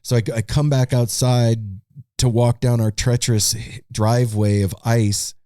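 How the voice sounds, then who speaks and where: A man's voice: mid-range voice, flat delivery, measured pace, mellow, smooth, no echo, clean studio sound. A man co-hosting a podcast, animatedly retelling a story in casual chat and swearing freely. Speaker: podcast co-host. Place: home podcast studio.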